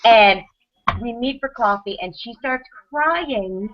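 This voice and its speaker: A woman in her thirties on a podcast panel, telling a personal story in quick, animated bursts with restarts and laughs. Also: a little high. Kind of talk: casual storytelling chat. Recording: dull lo-fi podcast audio.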